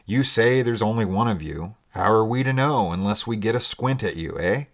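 A man voicing a gruff but kind fisherman who talks bluntly and roughly. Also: fairly low pitch, animated, normal speed, lightly acted.

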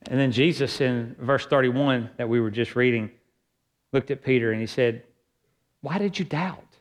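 A man's voice: mid-range voice, little pitch movement, moderate pace. A man preaching a sermon as pastor, reading scripture aloud and building emphasis.

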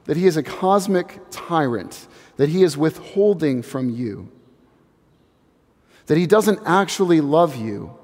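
A man in his thirties delivers a sermon in an earnest, reflective way, letting key phrases fall to a hush. His voice sits a little high. The sound carries the long reverb of a large sanctuary. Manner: earnest, reflective, building slowly to hushed emphasis. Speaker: pastor.

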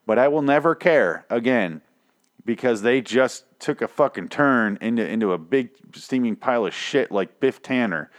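A young man hosting a solo review podcast, profane and sarcastic, his voice weak and strained. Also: mid-range voice. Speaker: podcast host. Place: home room with dogs. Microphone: desk microphone.

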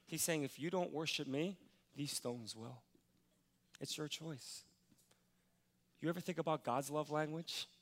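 A middle-aged man preaching a sermon as pastor, animated, moving from quiet, earnest passages to loud, excited ones. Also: fairly high pitch, a little slow, long pauses. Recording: long reverb of a large hall.

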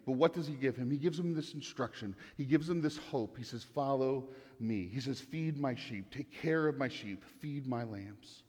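Earnest preacher in a large echoing hall. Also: male voice, medium pitch, moderate pace, few pauses, darkish tone, breathy edge. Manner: earnest, repeats phrases for emphasis. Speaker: pastor. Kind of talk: sermon.

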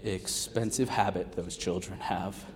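A man in his thirties preaching a sermon as a guest pastor, conversational and animated, swinging from loud calls to hushed asides. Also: deep voice, measured pace, a little hiss or hum. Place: church sanctuary. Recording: long reverb of a large hall.

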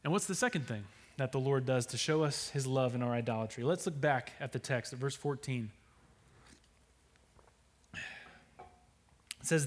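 Male preacher, mid-pitched voice; sermon delivery that drops to near-whispers and rises to loud, emphatic scripture reading. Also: normal speed, pauses often.

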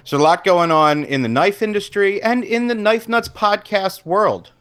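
A man co-hosting a casual podcast, talking in a relaxed, plain way into a handheld microphone. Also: sits high, moderate pace, clear, resonant tone. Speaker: podcast co-host. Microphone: handheld USB microphone.

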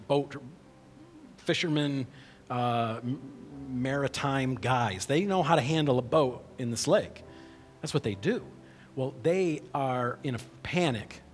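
A man preaching a sermon in a conversational way, often checking in with "right?". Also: medium pitch. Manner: conversational, frequent "right?" asides. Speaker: pastor. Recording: long hall reverb.

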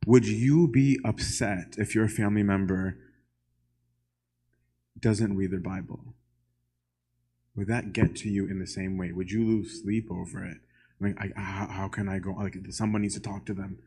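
A man's voice: lowish voice, steady tone, unhurried, pauses often, mellow, husky. A man giving a church lecture in a conversational way, often asking the audience "right?" and putting questions straight to them.

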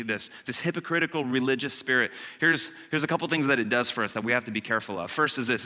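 A man's voice: medium pitch, bright, forceful tone. A man preaching a sermon as pastor, casual and humorous, with many fillers and asides, recorded in a church. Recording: long church reverb.

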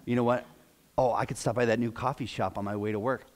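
A man's voice: mid-range voice, fairly even intonation, quick pace, darkish tone, pitched below the performer's own voice, natural voice. A pastor acting out a distracted man whose prayer drifts into mumbled grumbles. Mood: distracted mumbling. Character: distracted adult man praying, mind wandering. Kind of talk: sermon illustration.

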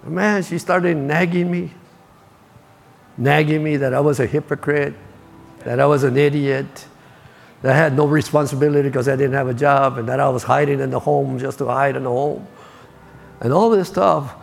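A man's voice: mid-range voice, steady tone, normal speed, vocal fry. An older man preaching a sermon, telling stories and repeating key lines for emphasis.

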